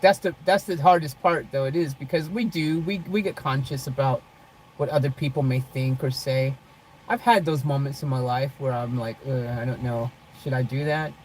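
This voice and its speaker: Her voice is extremely low and darkish in tone, at a moderate pace, in a rough recording with a little hiss or hum. Casually vlogging live from a parked car, she reads the chat, talks to viewers by name, laughs a lot, rambles, and says "freaking" often.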